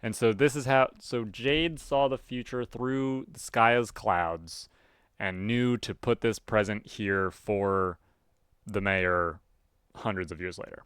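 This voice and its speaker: A man reading a webcomic aloud and chatting about it casually, with sudden loud, animated outbursts. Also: fairly low pitch, takes it slowly, smooth, no echo, clean studio sound. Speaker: webcomic reader. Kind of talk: casual read-aloud with commentary.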